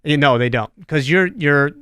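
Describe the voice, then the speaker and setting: A man hosting a podcast, rambling through jokey, animated tangents in casual chat. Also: a little high, moderate pace, clean tone, dry recording, clean studio sound. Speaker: podcast host.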